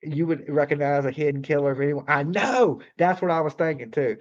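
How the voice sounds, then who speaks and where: A man's voice: fairly high pitch, fairly quick, highs cut off. A man telling a story on a late-night livestream in a casual, profane, rambling way, leaning on "like" and repeating himself. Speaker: livestream host. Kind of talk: casual live-stream storytelling.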